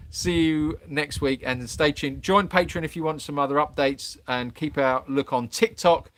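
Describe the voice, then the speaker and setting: A man's voice: fairly high pitch, fairly even intonation, normal speed, a bit bright, dry recording. A man hosting a live Q&A stream, worn out, reading viewers' comments aloud and bantering playfully with them in casual chat.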